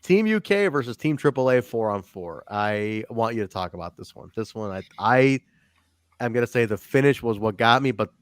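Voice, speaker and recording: A man's voice: mid-range voice, lively intonation, moderate pace, clear, resonant tone, dry recording. A man hosting a podcast, chatting casually and joking, with plenty of swearing. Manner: laid-back, joking, swears freely. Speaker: podcast host. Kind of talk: casual review chat.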